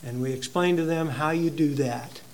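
A male pastor preaching a sermon in a conversational, halting way, telling a personal story to his congregation. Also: fairly high pitch, a little mellow, slight background noise.

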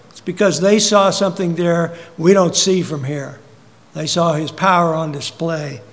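A man preaching a sermon in a high, ringing voice. He fires rhetorical questions, pushes up to emphatic peaks, then drops low and quiet. The recording carries a long reverb tail from a large hall.

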